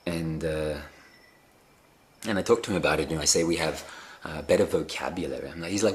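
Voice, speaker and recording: A man giving a gentle, unhurried spiritual talk on a live video call, often pausing with fillers and restarting his sentences. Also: a bass voice. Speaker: spiritual teacher.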